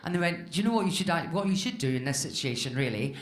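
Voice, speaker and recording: A woman's voice: sits low, expressive, fast talker. A woman in her fifties doing a live stand-up routine, swearing freely and acting out the voices of the people in her story. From Scotland. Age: 50s. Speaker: stand-up comedian. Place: comedy club stage with live audience. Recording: roomy live club sound.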